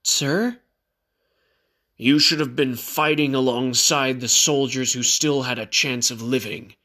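A man's voice: mid-range voice, fairly even intonation, moderate pace, bright, forceful tone. Darius, a growling stern warlord, read by a man. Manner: growling, clipped. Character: stern male warlord general, hard and unbending.

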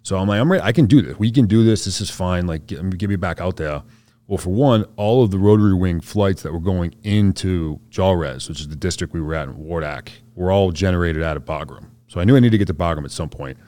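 A man's voice: low voice, fairly quick, dark tone, no echo. A man, a soldier guest on a podcast, telling a story in a laid-back, slangy way and acting out what others said. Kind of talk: casual storytelling interview.

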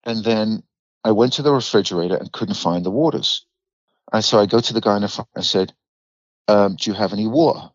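Man, London accent, podcast guest, lively storyteller, lowish voice, slightly muffled dry sound. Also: brisk, no echo. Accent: London English. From England. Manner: animated storyteller, swears freely, acts out quotes. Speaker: guest actor. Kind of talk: casual podcast interview.

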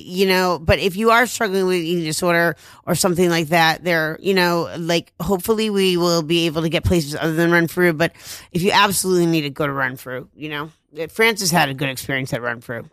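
A man's voice: fairly high pitch, a bit bright, clean tone, no room sound. Rambling man co-hosting a radio chat. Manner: rambling, halting, swears freely. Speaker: radio show co-host. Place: radio studio.

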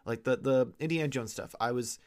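A man's voice: medium pitch, a little fast. A man co-hosting a podcast in casual chat, often stammering and repeating words as he starts a thought. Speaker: podcast co-host.

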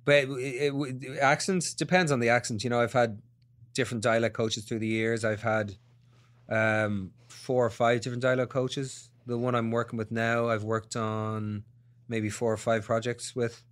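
A man's voice: medium pitch, steady tone, normal speed, a bit bright. A man with an Irish accent, a guest actor thinking aloud in a casual podcast interview. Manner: reflective, searching for words.

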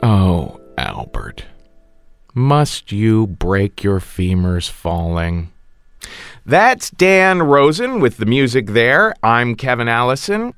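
A man's voice: medium pitch, very animated, takes it slowly, fairly bright tone, clean tone, no echo, faint music behind. A man hosting a storytelling show, introducing the acts in a theatrical, playful way. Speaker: host.

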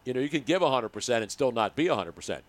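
A man's voice: medium pitch, big pitch swings, racing, no room sound. A man hosting a sports talk show, joking and teasing his co-hosts, sometimes slipping into mock hockey play-by-play. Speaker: show host. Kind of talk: casual sports chat.

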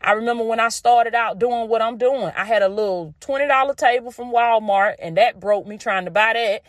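This podcast host's voice is on the high side and brisk, captured in a dry, studio-quality recording. Hailing from the Southern United States with a Southern US accent, she offers folksy, faith-based motivation, repeating phrases for emphasis and calling people "baby" and "y'all".

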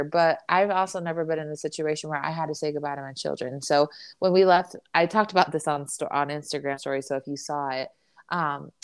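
A woman in casual chat, talking about her husband and family in a chatty, animated way with many fillers. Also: low voice, brisk, clear, resonant tone, dry recording. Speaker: podcast co-host, military spouse.

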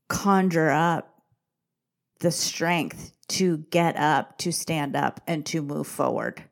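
A woman's voice: sits low, gravelly, a little mellow. A woman in her forties hosting a podcast, chatting in a casual, self-mocking way and laughing often. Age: 40s. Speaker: podcast host. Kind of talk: casual solo podcast talk.

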